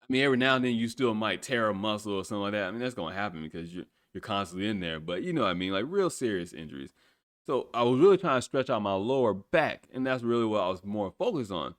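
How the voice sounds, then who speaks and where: A man in his thirties telling stories in a casual, colloquial chat, animated and often laughing, with the odd swear word. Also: on the low side, fast talker. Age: 30s.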